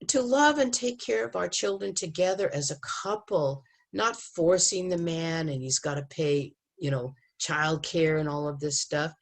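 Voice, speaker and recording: Middle-aged woman, from the US, emphatic, storytelling, quotes people in voices. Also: sits low. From United States. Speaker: speaker on marriage and family. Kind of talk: lively talk to an audience.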